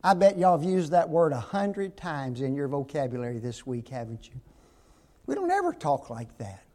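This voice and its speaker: A man pastor preaching a sermon in church, with emphatic delivery, rhetorical questions and big swings between loud and soft. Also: fairly high pitch, sing-song, normal speed.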